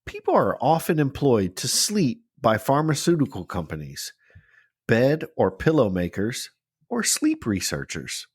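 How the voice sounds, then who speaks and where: A man in his forties co-hosts a podcast, joking around in casual chat, animated and swearing freely. His medium-pitched voice is unhurried with a breathy edge, recorded at studio quality with no echo.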